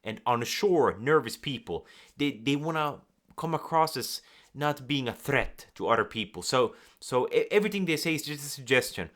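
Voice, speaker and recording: A man speaking as a communication coach, giving direct-to-camera advice in an animated way and acting out nervous and calm examples. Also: medium pitch, normal speed.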